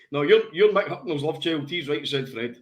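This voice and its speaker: A man's voice: fairly high pitch, animated, normal speed, fairly bright tone. A Scottish man on a football podcast, boisterous and swearing, laughing through the banter. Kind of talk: casual post-match banter.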